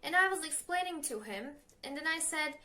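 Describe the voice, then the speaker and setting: Bright high-voiced young Turkish-accented woman. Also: animated. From Turkey. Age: young adult. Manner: chatty, halting, lots of fillers and self-corrections. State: nervous. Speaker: language learner vlogger. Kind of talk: casual advice vlog.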